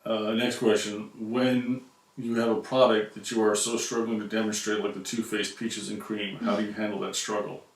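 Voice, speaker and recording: American guy, low gravelly voice, joking co-host, roomy sound. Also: level tone. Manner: joking, reads questions aloud haltingly. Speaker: co-host reading viewer questions. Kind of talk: casual chat. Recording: echoey room.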